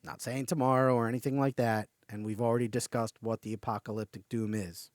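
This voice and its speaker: A man hosting a podcast, reading out a channeled message slowly and stopping often to marvel at it. He gets excited, breaks off mid-sentence and starts over. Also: medium pitch, no room sound, clean studio sound. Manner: reads quoted passages slowly and deliberately. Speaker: podcast host.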